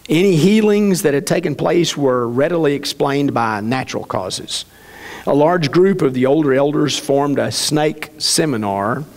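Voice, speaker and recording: A preacher in a reverberant church. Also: male voice, mid-range voice, a little mellow. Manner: reading a satirical parable aloud, slowing for emphasis. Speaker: pastor. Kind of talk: sermon. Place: church sanctuary. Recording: long hall reverb.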